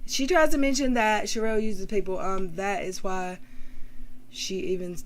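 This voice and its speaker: A woman's voice: medium pitch, normal speed. A woman hosting a casual livestream, chatting and reading out viewer names. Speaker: YouTube livestream host. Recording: faint background noise.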